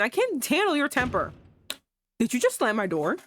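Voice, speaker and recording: A woman's voice: a little high, huge pitch swings, brisk, a bit bright, slight background noise. A woman streamer reading a romance game aloud and breaking off into sarcastic, swearing asides.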